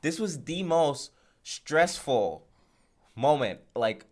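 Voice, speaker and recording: A man's voice: a little high, slow. Man animatedly retelling a story. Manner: animated retelling, acts out phone calls, laughs often. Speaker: podcast host. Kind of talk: casual storytelling chat.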